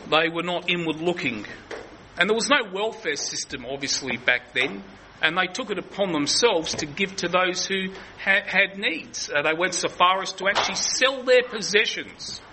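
A man's voice: sits high, animated, normal speed, bright, forceful tone, slight background noise, rough recording. A man preaching an earnest expository sermon, often restarting his sentences.

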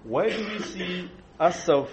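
A man preaching an expository sermon, earnest and measured, pausing and restarting as he thinks. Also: sits high, animated, background noise. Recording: dull lo-fi recording.

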